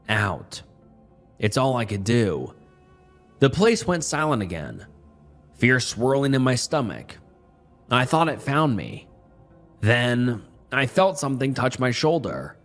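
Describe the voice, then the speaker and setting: Male horror narrator, scripted first-person reading, even pacing, faint backing music. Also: mid-range voice.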